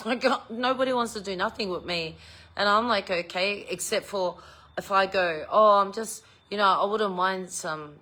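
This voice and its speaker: A woman's voice: medium pitch, pushed and bright. Giggly, swearing New woman. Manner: giggly, swears freely, self-mocking. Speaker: vlogger. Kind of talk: casual chat.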